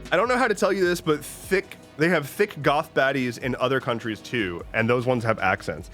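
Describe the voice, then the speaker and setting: A man's voice: medium pitch, moderate pace, fairly bright tone. A man chatting casually on a stream, rambling and joking with lots of restarts and swearing. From United States. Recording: faint music behind.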